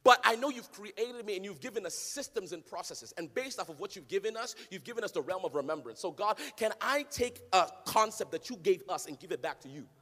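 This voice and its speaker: High bright-voiced preacher in a reverberant hall. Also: male voice, lively intonation, fairly quick, few pauses. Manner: swings from low conversational to loud sing-song shouting. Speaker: pastor. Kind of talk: sermon. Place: church hall with congregation.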